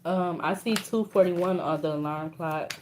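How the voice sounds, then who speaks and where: Casting: young woman, lowish voice, casual tarot reader, emotional and colloquial. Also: measured pace, darkish tone, a little hiss or hum. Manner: reads card texts aloud, emotional, colloquial.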